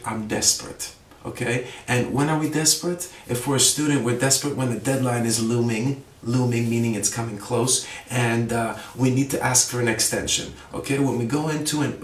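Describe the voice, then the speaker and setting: A man teaches English vocabulary in a relaxed, chatty way and keeps asking his listeners "okay?" as he goes. His voice sits in a middle register. It is picked up from a little way off the mic, in a room that gives it a noticeable echo. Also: mid-range voice, far from the mic. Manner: conversational, frequent "okay?" check-ins, acts out example phrases. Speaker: ESL teacher, podcast host. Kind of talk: casual vocabulary lesson.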